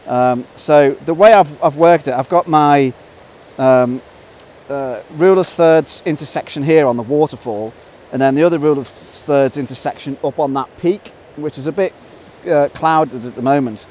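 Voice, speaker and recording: Excitable man vlogging outdoors. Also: on the high side, moderate pace, slight background noise. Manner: excitable, bursts into wows and laughter; explains photo composition while working. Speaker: nature photographer. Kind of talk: outdoor vlog narration. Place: outdoors in a valley by a waterfall.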